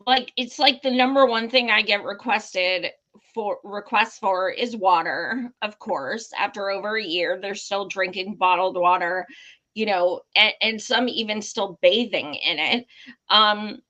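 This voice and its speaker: A woman's voice: mid-range voice, measured pace, sharp tone, dull audio. A woman hosting a casual talk show, speaking emphatically and indignantly. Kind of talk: casual conversation.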